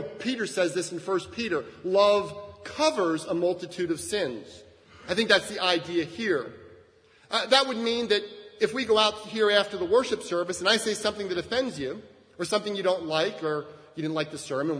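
A man with a fairly high voice preaches a sermon, talking to the congregation in a chatty, conversational way. His voice rings out with a long reverb through a church sanctuary. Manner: conversational, frequent "right?" asides, lively shifts in emphasis. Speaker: pastor.

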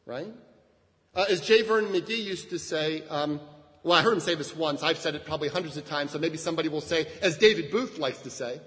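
A male pastor preaching a sermon in a conversational way, often checking in with listeners with a quick "right?" and leaning hard on key words. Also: sits high. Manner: conversational, frequent "right?" asides, lively shifts in emphasis. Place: church sanctuary. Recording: long reverb of a church hall.

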